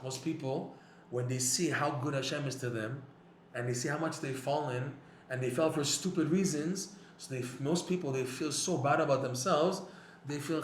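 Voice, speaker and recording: A man giving a lively Torah lecture, telling stories and acting out quotes with sudden emphatic bursts. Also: a little high, moderate pace. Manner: storytelling, acts out quotes, rising emphatic bursts. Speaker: Torah teacher. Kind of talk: animated religious lecture. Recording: echoey room with faint noise.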